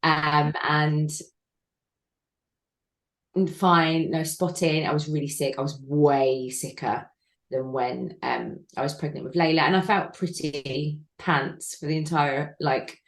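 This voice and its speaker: A woman in her thirties, an interview guest telling a personal story candidly, with frequent pauses and fillers. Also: sits low, steady tone. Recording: echoey room.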